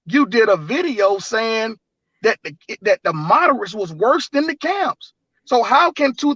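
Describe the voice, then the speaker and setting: A man with a high-pitched voice makes his points emphatically and in a preachy way. The audio is dull and lo-fi, and it sounds dry and close. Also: gravelly, a bit bright, dry recording. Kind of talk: casual online discussion.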